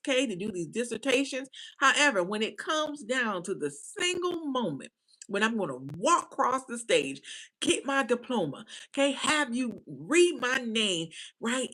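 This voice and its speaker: Woman, bright tense voice, casual commentary vlog, emphatic, repetitive, preacher-like cadence. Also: on the high side, low-quality recording. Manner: emphatic, repetitive, punctuates with "right?" and "okay?". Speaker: commentary vlogger.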